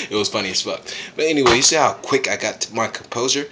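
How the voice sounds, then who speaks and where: A man who is high and tipsy, reviewing a manga chapter in a casual, profane vlog full of slang and laughing asides. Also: fast talker, few pauses, sharp tone, a little hiss or hum.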